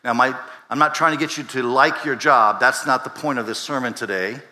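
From the pulpit of a large church sanctuary, a pastor delivers a sermon conversationally, a little fast, in a bright, forward mid-range voice that carries a long reverb tail. He keeps restarting his phrases and tossing rhetorical questions at the congregation.

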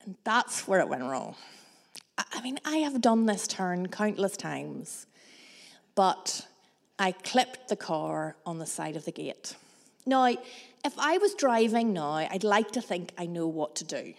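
A woman preaching a sermon, mixing scripture with personal stories in a measured, reflective way with dramatic pauses. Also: on the low side, very animated, creaky. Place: church hall. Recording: long reverb of a large hall.

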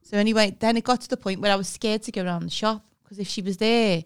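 A woman's voice: medium pitch, steady tone, quick pace, smooth. A woman in casual chat, telling rambling childhood stories with plenty of swearing. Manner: rambling anecdotal storytelling with swearing.

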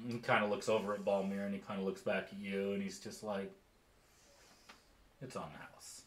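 A man's voice: on the low side, monotone, quick pace. A man narrating a tabletop game as game master in a loose, joking way, recorded in an echoey room. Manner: loose and joking, with frequent fillers. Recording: echoey room, faint noise.

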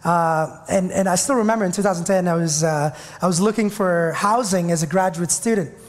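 A man's voice: sits high, a little fast, in a large hall. A man in his thirties preaching a sermon as pastor, telling a personal story in a conversational, self-deprecating way.

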